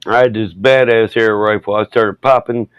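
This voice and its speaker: A man chatting casually on a podcast, telling rowdy stories, swearing often and acting out quoted people loudly. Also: on the low side, steady tone, normal speed, clean tone, no room sound, dull audio. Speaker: podcast host. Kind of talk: casual chat, storytelling.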